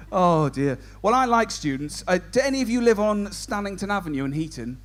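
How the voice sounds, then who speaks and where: A man's voice: sits high, expressive, a little fast, few pauses, a bit bright. A man compering a stand-up comedy show, doing cheeky banter with the audience. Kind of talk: crowd work stand-up.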